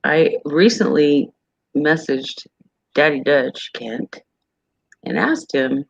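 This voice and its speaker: Gravelly, lively voice on a muffled call. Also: mid-range voice, slow, dry recording. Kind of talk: casual video call chat. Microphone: video call. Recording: dull lo-fi call audio.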